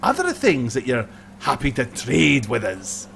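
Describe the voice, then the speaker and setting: A man's voice: mid-range voice, wildly swooping pitch, unhurried, creaky, a bit bright, a little hiss or hum. A man running a tabletop game as game master, narrating playfully.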